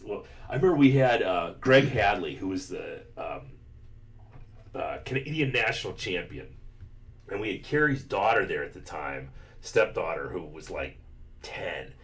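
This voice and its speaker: A man with a low voice that rises and falls a lot as he hosts a casual podcast chat. He tells stories in a laid-back way, swearing and laughing as he goes. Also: expressive, moderate pace. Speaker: podcast host.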